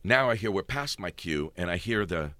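A middle-aged stage actor telling backstage stories in casual chat, animated and often laughing. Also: male voice, low voice, moderate pace, dry recording.

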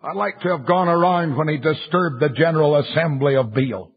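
An older man preaching a fiery revival sermon, telling stories and rising into shouts. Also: a little high, brisk, slightly rough. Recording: muffled lo-fi sermon recording.

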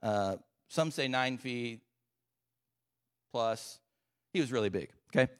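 Conversational male pastor, mid-pitched, recorded with a long hall echo. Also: takes it slowly, smooth. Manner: conversational storytelling with casual asides. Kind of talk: sermon.

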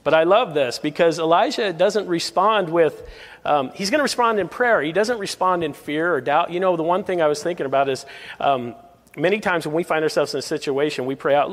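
Earnest pastor preaching in a reverberant hall. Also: male voice, fairly high pitch, lively intonation. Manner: earnest, slows down to stress key lines. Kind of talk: verse-by-verse sermon. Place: church service.

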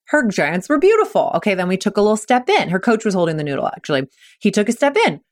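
A woman hosting a podcast as a mental performance coach, explaining with energy and acting out kids' and coaches' voices in quick quoted asides. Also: mid-range voice, big pitch swings. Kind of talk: solo podcast talk.

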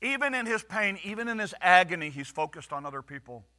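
A man preaching a sermon as pastor, earnest with dramatic pauses and raised quoted lines. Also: high voice, sing-song, bright, forceful tone.

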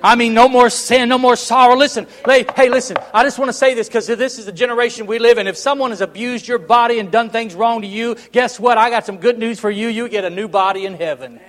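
A middle-aged male preacher giving a revival sermon, swinging from loud, emphatic proclamation to quiet intensity and joking with the congregation for amens. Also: very high-pitched, fairly even intonation, quick pace, hardly any pauses. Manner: jokes with the congregation and calls for amens. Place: church sanctuary. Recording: long church hall reverb.

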